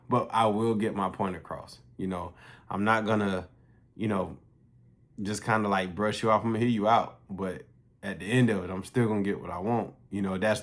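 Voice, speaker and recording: A man talking casually and bluntly to his viewers in a vlog, swearing freely as he tells a story. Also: lowish voice. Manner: blunt, profane, conversational. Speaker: fitness coach.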